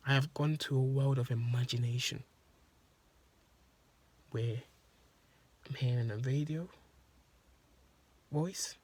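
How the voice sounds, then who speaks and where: Husky-voiced man telling a story. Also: mid-range voice, darkish tone. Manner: rambling, profane, repeats himself. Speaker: vlogger. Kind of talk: emotional storytelling monologue.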